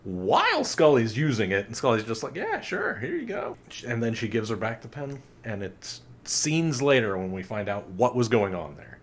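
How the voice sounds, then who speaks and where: Brief: man in his 40s, co-host, lively swooping voice, laughs a lot, prone to rants. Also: fairly low pitch, moderate pace, hardly any pauses, slight background noise. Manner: animated, laughs a lot, ranting asides. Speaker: podcast co-host. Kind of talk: casual chat.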